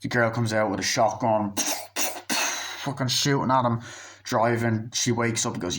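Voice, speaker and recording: A man's voice: medium pitch, fairly even intonation, measured pace, a bit bright. A man casually recapping a film's plot as a movie reviewer, rambling and swearing freely, with lots of "like" and quoted lines. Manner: profane, rambling retelling full of "like" and acted quotes.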